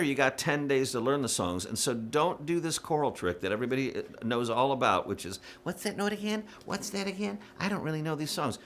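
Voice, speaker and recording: Man, bright tone, casual instructional talk, frank coaching for singers. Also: mid-range voice, a little hiss or hum. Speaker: worship music director. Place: church.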